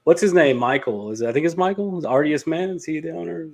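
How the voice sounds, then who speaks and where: A man's voice: on the high side, quick pace, creaky. A man who owns a beard care company, talking casually as a podcast guest and laughing between his thoughts.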